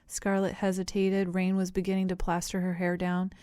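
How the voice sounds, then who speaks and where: Audiobook narrator, woman, lowish mellow voice, measured, dry close sound. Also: completely flat delivery, smooth, no room sound. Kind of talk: scripted narration.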